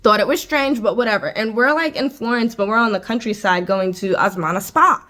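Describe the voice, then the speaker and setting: A woman's voice: on the high side, fairly quick, sharp tone. A young American woman in her twenties talking casually to her camera indoors, chatty and exasperated, filling her talk with "like" and "I was just like". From United States. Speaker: vlogger. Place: indoor room with adjustable lighting.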